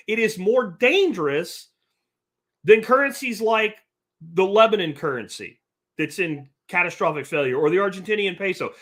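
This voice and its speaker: A podcast host with a high, somewhat bright voice runs a livestream, reading chat comments aloud. He answers them in a blunt rant laced with profanity.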